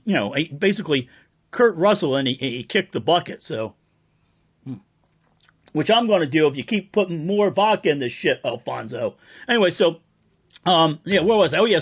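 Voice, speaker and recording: A man's voice: a little high, slightly rough. Sardonic rambling man, dull lo-fi sound. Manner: sardonic, profane, rambling tall tale. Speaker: band member promoting a reissue. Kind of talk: rambling deadpan comic monologue.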